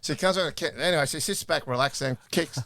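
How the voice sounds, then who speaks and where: A man with an Australian accent, telling a long anecdote as a guest on a podcast, casual and animated. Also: on the high side, rapid-fire, dry recording. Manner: animated, laughing storyteller. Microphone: podcast microphone.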